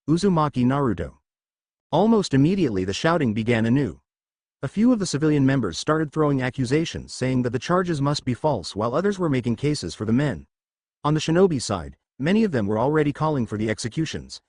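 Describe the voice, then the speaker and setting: A man's voice: mid-range voice, darkish tone, dry recording, clean studio sound. A man narrating a fan fiction story aloud.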